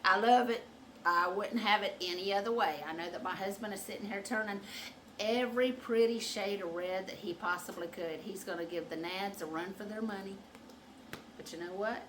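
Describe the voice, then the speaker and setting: A woman hosting her own channel, chatting casually and acting out quotes loudly as she tells a comic story, often laughing. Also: medium pitch, moderate pace, noisy background. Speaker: channel host. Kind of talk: casual chat.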